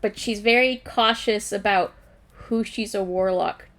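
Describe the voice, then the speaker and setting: A woman's voice: medium pitch, a little slow, a bit bright. A woman playing her character in a tabletop game. She speaks hesitantly and thoughtfully, with many fillers. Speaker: player.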